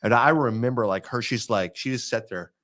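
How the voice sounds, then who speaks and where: A man's voice: mid-range voice, fairly quick, a bit bright. Rambling joking man on a podcast. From Texas. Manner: rambling, jokey, laughs often. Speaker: podcast co-host. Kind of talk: casual chat.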